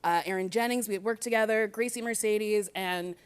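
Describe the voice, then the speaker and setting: A woman's voice: medium pitch, brisk, smooth. A woman chatting as a talk show guest, laughing often and telling stories with silly put-on voices. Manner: giggly, animated storytelling with silly put-on voices. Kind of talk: casual chat.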